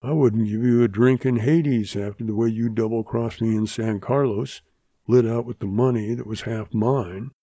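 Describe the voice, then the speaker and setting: A husky, gravelly young outlaw gunslinger, as a storyteller puts him on, wounded and hard-bitten yet kind underneath. He talks in a terse western drawl, low and dark in tone, close and dry on the mic. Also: fairly even intonation, moderate pace, no room sound, natural voice. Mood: bitter. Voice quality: raspy, husky.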